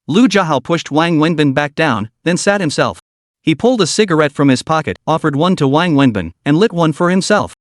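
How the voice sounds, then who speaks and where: A man narrating a comic recap in a steady storytelling manner. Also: on the high side, brisk, no echo, studio quality. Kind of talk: scripted narration.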